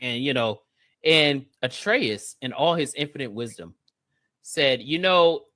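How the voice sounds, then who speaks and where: A man's voice: mid-range voice, expressive, a little slow, pushed and bright, no echo. A man co-hosting a show, teasing his friends and laughing through the banter. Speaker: co-host. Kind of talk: casual group banter.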